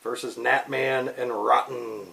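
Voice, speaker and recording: A man's voice: mid-range voice, steady tone, slow, gravelly, pushed and bright, rough recording. A man casually reading a comic book aloud to his daughters, playful and chatty. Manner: playful, slips into goofy character voices. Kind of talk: casual read-aloud with commentary.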